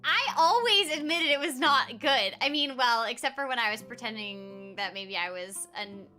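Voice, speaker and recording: A young woman streamer chats with her viewers in a very bright, ringing voice pitched a little high. She rambles playfully and jumps from one thought to the next. Faint game music plays behind her. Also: normal speed. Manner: rambling, playful, full of fillers and asides to chat. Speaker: streamer and voice actor. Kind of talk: casual live-stream chat while gaming.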